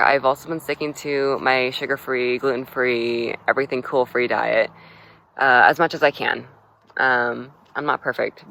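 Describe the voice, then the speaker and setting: A man's voice: mid-range voice, creaky, bright, forceful tone, rough recording. A man talking casually in a video diary, rambling with lots of fillers and restarts. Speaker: vlogger.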